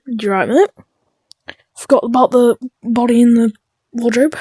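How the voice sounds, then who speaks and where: A woman giving chaotic, dark-humored let's-play commentary, muttering and often dropping into whispers. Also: fairly high pitch, a little slow, husky, dry recording, studio quality. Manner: drops into whispers. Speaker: gaming YouTuber.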